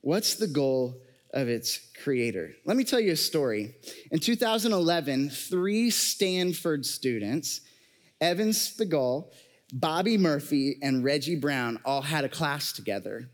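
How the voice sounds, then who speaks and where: Male preacher, slightly high voice, conversational sermon style, jokey asides to the congregation. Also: animated, unhurried, big-room sound. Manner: conversational, joking asides, frequent fillers.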